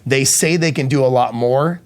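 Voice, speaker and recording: A man's voice: medium pitch, normal speed. A man hosting a podcast, telling stories in casual chat with lots of swearing and acted-out quotes. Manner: profane, storytelling, acts out quoted voices. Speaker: podcast host.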